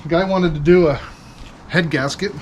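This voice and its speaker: A man's voice: a little high, moderate pace, heavy background noise. A man hosting a repair vlog, chatting casually and joking while he works on a car in a garage. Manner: joking, playful asides. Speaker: mechanic host. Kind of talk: casual talk while working.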